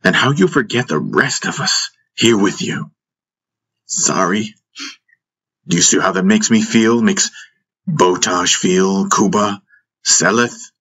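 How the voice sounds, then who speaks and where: A man's voice: deep voice, slow, pauses often, fairly bright tone, exaggerated voice. A man voicing a steadfast older brother who admonishes firmly yet with care. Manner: firm, admonishing. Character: steadfast older brother, firm but caring.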